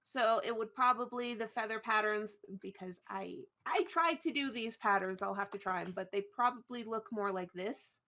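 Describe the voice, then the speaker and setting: A woman's voice: mid-range voice, normal speed, hardly any pauses, pushed and bright. A woman playing a tabletop role-play game, chatty and rambling with frequent laughs.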